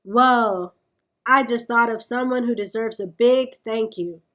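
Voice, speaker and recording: A woman reading a storybook aloud, voicing an eager, chatty young rabbit in a bright voice. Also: on the high side, a little slow.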